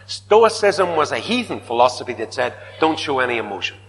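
A man preaching to a congregation, his voice rising to loud declamations and then dropping to near whispers. His pitch sits in a middle register, and a long reverb trails every phrase through the hall. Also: very animated, brisk, a little hiss or hum. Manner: dramatic, swinging from loud declaiming to hushed whispers. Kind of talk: sermon.

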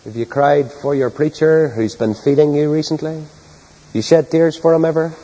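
A man preaching a sermon with great passion, soaring to loud high peaks and then dropping low and quiet, and putting questions to his listeners. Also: steady tone, moderate pace, long reverb tail, poor audio. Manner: rhetorical questions to the congregation.

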